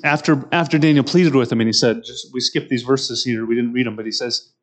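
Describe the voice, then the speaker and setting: A man's voice: medium pitch, steady tone, fairly quick. A man preaching a sermon who reads scripture aloud and then explains it directly to his listeners, often repeating words as he goes. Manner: repeats words and restarts mid-phrase.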